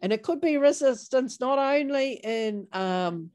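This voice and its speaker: A woman's voice: high-pitched, animated, unhurried, a little mellow. A middle-aged woman gives a training talk over a video call, chatty, with many fillers, and acts out sample replies. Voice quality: conversational, filler-heavy, acts out example replies. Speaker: workshop trainer.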